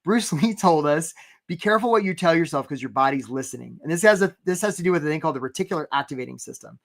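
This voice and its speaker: A man coaching job seekers in a live webinar, animated and talking straight to viewers by name, acting out little scenes in quoted voices. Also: fairly high pitch, fast talker, creaky. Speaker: career coach.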